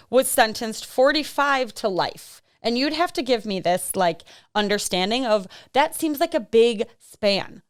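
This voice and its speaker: Woman rambling thru a true crime story on a podcast, laughs a lot, smooth voice, dry sound. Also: fairly high pitch, no room sound. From American Midwest. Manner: rambling and chatty, laughs often, many fillers. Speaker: podcast co-host. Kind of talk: casual true-crime chat.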